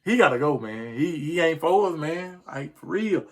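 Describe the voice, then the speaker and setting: Speaking at a moderate pace with lively intonation and a slightly high voice, this middle-aged man vlogs about sports. He rants in a casual, rambling, frustrated way about his team, stumbling over his words.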